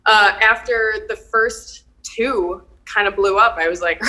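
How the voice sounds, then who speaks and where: A woman's voice: mid-range voice, slow pace, pushed and bright, low-quality recording. A woman from Minnesota with a Minnesotan accent, chatting as a guest and laughing easily. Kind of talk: casual chat.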